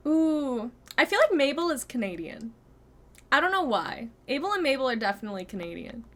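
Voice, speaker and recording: A young woman streaming a game, chatting casually to her viewers, giggling and thinking out loud. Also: high voice, sing-song, brisk. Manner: chatty, giggly, talks to chat and herself. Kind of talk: casual gameplay chat.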